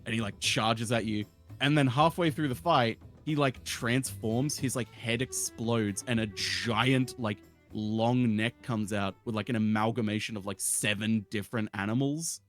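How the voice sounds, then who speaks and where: A man's voice: on the low side, measured pace, a bit bright, soft background music. A man rambling enthusiastically in casual chat, full of fillers.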